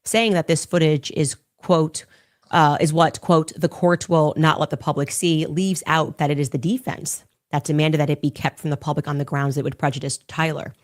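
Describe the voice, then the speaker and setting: A woman's voice: sits low, fairly even intonation, normal speed. A woman commentator reading posts aloud and answering them in a pointed, incredulous manner, played as a clip.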